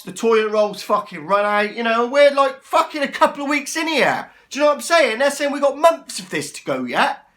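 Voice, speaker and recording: A man in his forties vents into the camera from a cramped flat, his voice pitched high and sharp. He swears freely and keeps checking with his listeners with a "yeah?" or a "right?". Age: 40s. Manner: swears a lot, ranting, keeps asking "yeah?". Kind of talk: angry rant to camera. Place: small flat, indoors.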